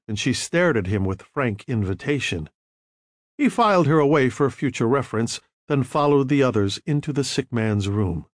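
A man narrating an audiobook in a measured, even manner. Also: mid-range voice, dry recording, studio quality.

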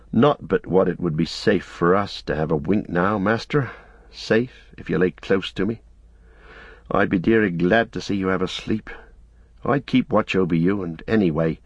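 A man's voice: sits low, husky, no echo, full character voice. A man playing a loyal, plain-spoken male hobbit servant with homely, rustic turns of phrase, on a dull lo-fi recording.

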